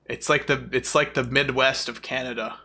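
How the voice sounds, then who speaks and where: A man's voice: medium pitch, fairly even intonation, moderate pace, sharp tone. A man from the southern United States with a mild southern accent, chatting casually and rambling while streaming a game and reading chat aloud.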